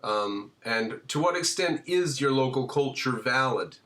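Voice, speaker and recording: A man's voice: medium pitch, lively intonation, a little slow, a bit bright. A man hosting a casual discussion, posing questions in a conversational way. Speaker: host.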